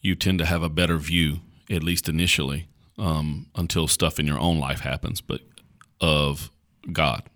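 Deep-voiced man telling stories. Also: normal speed. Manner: storytelling, folksy and animated, with many fillers and restarts. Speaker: pastor. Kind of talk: casual podcast conversation.

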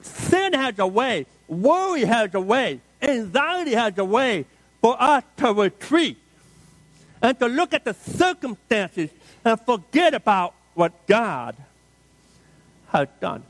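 Male pastor, sermon delivery, emphatic refrains, high pitch, dry sound. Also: big pitch swings, slow pace, fairly bright tone, no echo. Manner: emphatic, dramatic storytelling with repeated refrains.

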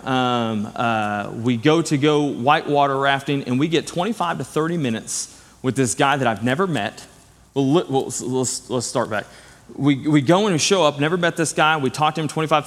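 A young man delivers a church sermon in an animated, earnest storytelling style. His voice sits at an ordinary middle pitch. It rings with a long reverb from a church sanctuary. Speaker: preacher.

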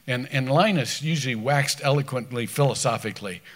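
A pastor with a mid-range voice preaches fairly quickly and conversationally, stumbling over restarts. He swings between loud scripture reading and quiet asides.

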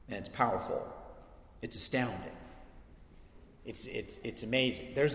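A man preaching a sermon, conversational and then building to emphatic peaks. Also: fairly high pitch. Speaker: pastor. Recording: echoey hall with long reverb.

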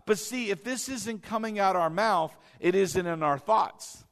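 Emphatic high-voiced man preaching. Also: a little slow, in a large hall. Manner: emphatic, repeats questions and has the congregation repeat lines. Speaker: pastor. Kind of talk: sermon.

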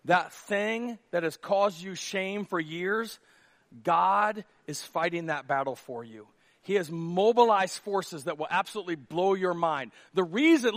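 Male pastor, high-pitched voice, conversational sermon delivery with hushed lows and shouted highs. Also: lively intonation, measured pace. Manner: conversational, drops to a hush for acted dialogue, then rises to near shouts. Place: church auditorium stage.

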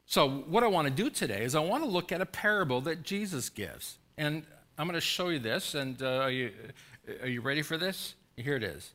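A male pastor preaches with a bright, forceful voice that swings widely in pitch. He presses his congregation with urgent, repeated questions and pleas, his voice sitting a touch high for a man. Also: expressive, fairly quick. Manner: urgent, pleading preaching with emphatic repetition. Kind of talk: sermon.

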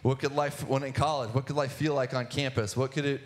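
A man's voice: mid-range voice, little pitch movement, a little fast. A young man in his twenties telling his personal testimony in church, earnest, with many restarts and filler words. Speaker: guest speaker sharing testimony.

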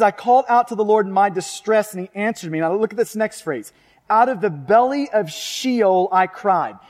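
Male pastor, fervent sermon delivery, high voice, long reverb. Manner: fervent preaching, reads scripture aloud, asks the congregation questions.

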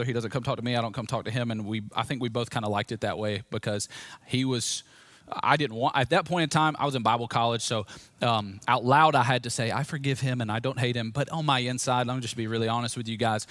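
Before a live audience in a room, a man preaches a personal testimony sermon, speaking candidly and moving between hushed storytelling and loud, emphatic points. His mid-range voice comes through with no room sound.

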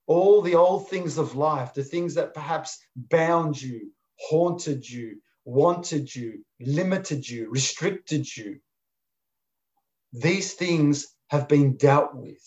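A man preaching a sermon, emphatic and deliberate, driving points home with repetition. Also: fairly high pitch, a little mellow, muffled recording. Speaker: pastor.

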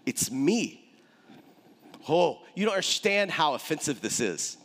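A man preaching a sermon as pastor, animated and conversational, with dramatic pauses. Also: on the high side, long reverb tail.

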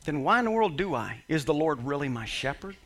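Male pastor, high-pitched and ringing, emphatic sermon delivery. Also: sing-song, fairly quick. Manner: emphatic, swings from quiet to shouting.

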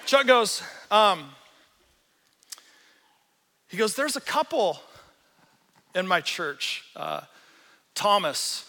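Animated, bright-voiced man preaching. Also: sits high, slow, pauses often. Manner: animated, joking, acts out quotes. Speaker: pastor. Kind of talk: sermon with storytelling. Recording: church hall reverb.

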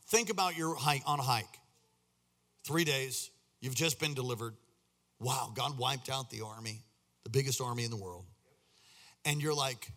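High, bright-voiced animated preacher. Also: male voice. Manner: animated, humorous, preaching with rising fervor. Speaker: pastor. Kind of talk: sermon.

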